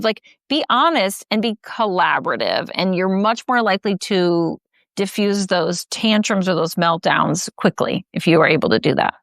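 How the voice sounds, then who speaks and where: A woman's voice: medium pitch, lively intonation, moderate pace, dry recording, studio quality. A woman author on a live chat, explaining parenting advice and acting out what a parent might say. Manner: explains with acted-out parent quotes. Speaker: book author guest.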